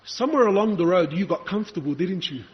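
A man's voice: high-pitched, animated, quick pace. A male preacher giving an impassioned, rhetorical sermon, challenging his listeners. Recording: echoey hall, dull lo-fi sound.

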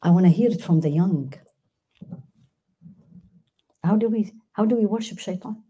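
Woman, religious class teacher, very dark tone, husky, emphatic, quizzes the class. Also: fairly low pitch, fast talker. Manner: asks the class questions, emphatic, recites verses. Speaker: Quran teacher.

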